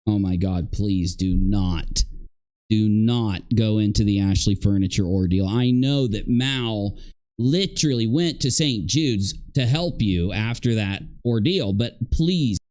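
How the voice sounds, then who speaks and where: A man's voice: fairly low pitch, unhurried, a little mellow. A man commenting on a replayed livestream, scolding the people in it in an indignant way.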